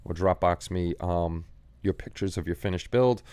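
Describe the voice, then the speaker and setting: A man's voice: low-pitched, moderate pace, darkish tone, smooth, no room sound. A man hosting a casual hobby livestream, chatting loosely, repeating words and answering viewers' chat. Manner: rambling, repeats words, reads chat aloud. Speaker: livestream host.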